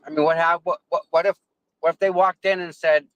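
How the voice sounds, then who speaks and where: Rambling live-streamer, male, high-pitched, dry close sound, chatting from his car. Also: steady tone, brisk, a bit bright, clean tone, no room sound, rough recording. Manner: rambling, repeats words, thanks viewers effusively. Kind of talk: casual live-stream chat while driving. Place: car in traffic.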